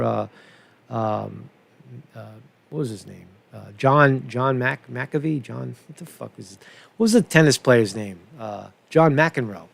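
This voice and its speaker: With a mid-range voice full of vocal fry and no room sound, a man runs a casual commentary show. He curses constantly, repeats himself and keeps asking "right?".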